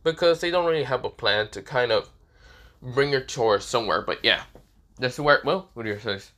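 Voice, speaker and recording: A young man improvising a fan-fiction tale, full of filler phrases and loose restarts. His bright voice keeps leaping upward at the start of each new beat. The delivery is casual and unscripted. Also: animated, moderate pace. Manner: rambling, many fillers, rises in pitch often. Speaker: storyteller.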